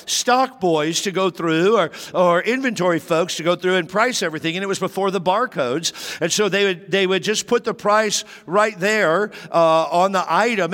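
A pastor telling a personal childhood story in his sermon, acting out the dialogue. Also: fairly bright tone. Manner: storytelling, acts out dialogue with raised pitch. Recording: long hall reverb.

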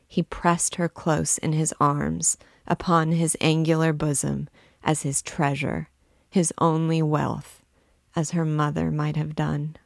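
Low-pitched woman reader, slow and measured literary narration, some vocal fry. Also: dry recording, clean studio sound. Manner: measured, deliberate reading. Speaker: book reader and guide. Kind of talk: literary read-aloud narration.

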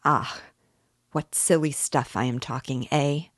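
A woman reading aloud the lines of an anguished young man confessing a crime, slow and earnest, rising to despairing cries. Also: rumbling low, steady tone, a bit bright, no echo, studio quality, full character voice. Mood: brooding. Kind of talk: audiobook reading.

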